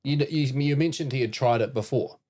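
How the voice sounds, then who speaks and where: A man hosting a podcast, asking gentle, probing follow-up questions. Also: mid-range voice, brisk. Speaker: podcast host. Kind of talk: interview questions.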